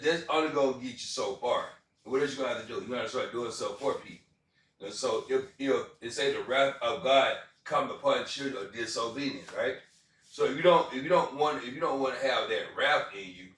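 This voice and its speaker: A man's voice: medium pitch, a bit bright. A man preaching informally about scripture, rambling with lots of repeats and fillers. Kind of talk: casual street sermon. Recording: very echoey, from far off.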